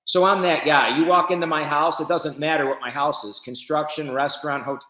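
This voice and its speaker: A man guest on a podcast, telling a business story in an animated, casual way. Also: fairly high pitch, brisk, roomy sound, rough recording. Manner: animated storyteller with shifting loudness.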